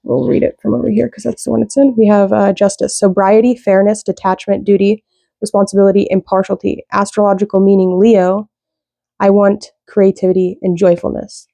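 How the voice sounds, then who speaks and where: A woman giving a casual tarot reading, rambling with lots of fillers, slow when she reads out card meanings. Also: medium pitch, flat delivery, gravelly, dark tone, dry recording. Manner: rambling, loose, with many fillers. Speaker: tarot reader.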